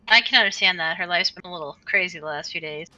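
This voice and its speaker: A woman leading a game raid over voice chat, calmly walking her group through tactics step by step. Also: on the low side, dry recording, muffled recording. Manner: brisk, explains tactics step by step. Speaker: raid leader. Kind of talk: casual voice chat while gaming.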